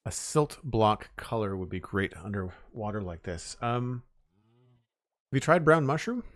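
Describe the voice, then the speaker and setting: A middle-aged man live-streaming a building game, thinking aloud in a relaxed way and thanking viewers by name. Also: on the low side, a little slow, no echo. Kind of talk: casual live-stream chat.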